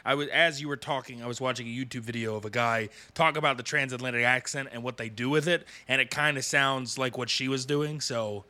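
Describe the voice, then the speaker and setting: A man's voice: mid-range voice, fairly even intonation, a little fast, hardly any pauses, pushed and bright. A man co-hosting a casual podcast, correcting others while hedging his claims. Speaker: podcast co-host.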